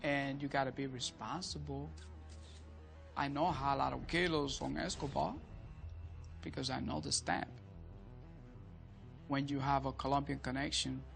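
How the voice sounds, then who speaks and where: A man's voice: on the high side, creaky, fairly bright tone. A man who is a former drug boss, bragging and swearing in a documentary interview. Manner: boastful, profane, dismissive.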